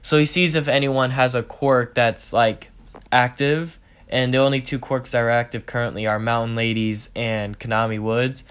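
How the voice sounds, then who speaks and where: Young guy telling a story all casual, says basically a lot, mid pitch. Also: steady tone, normal speed, fairly bright tone, smooth. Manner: rambling, full of "like" and "basically". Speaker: channel storyteller. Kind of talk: casual retelling of a fan story.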